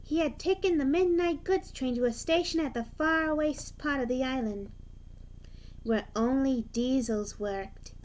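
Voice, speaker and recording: Slow, high-voiced woman reading a story. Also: a little mellow. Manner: slow, deliberate reading with restarts.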